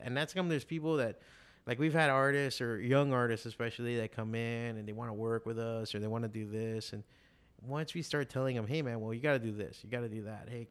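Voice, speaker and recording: A middle-aged man who runs an art shop, talking casually and profanely about passion and drawing. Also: medium pitch. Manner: profane, animated storyteller. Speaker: comic artist and shop owner. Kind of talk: casual podcast chat.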